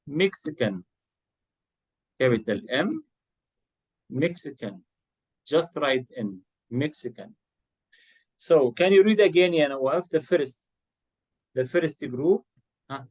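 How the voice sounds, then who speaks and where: Male tutor, slow patient delivery, slightly high pitch, spells words aloud, dry close mic. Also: expressive, darkish tone, dry recording, rough recording. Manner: patient, repeats words and spells them out letter by letter. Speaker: English tutor. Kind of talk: online one-to-one English lesson.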